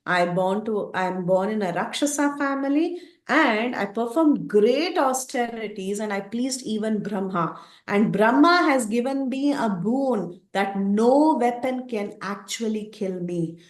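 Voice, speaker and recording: A woman's voice: fairly high pitch, lively intonation, unhurried, reverberant. A woman voicing a huge, ferocious male demon who boasts and threatens in a raised, commanding voice. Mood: menacing, boastful.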